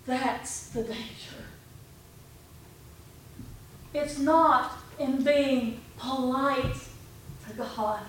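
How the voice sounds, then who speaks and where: A woman's voice: sits high, very slow, pauses often, fairly bright tone. A woman pastor preaching a sermon in a conversational, storytelling way, retelling her talks with a congregant. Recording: echoey room from far off, faint background noise.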